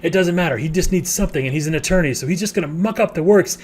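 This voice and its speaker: A man's voice: fairly high pitch, very fast, darkish tone, slight background noise. A man, a real estate educator, telling a long story in a casual, rambling way with many restarts.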